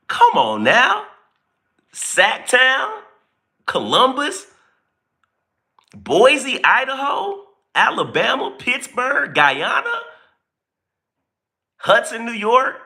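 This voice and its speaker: Man, livestream host, playful and chatty, very bright tone, animated pitch. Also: extremely slow, pauses often. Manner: playful, chatty, reads out viewer names. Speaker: livestream host greeting chat. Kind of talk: casual livestream chat.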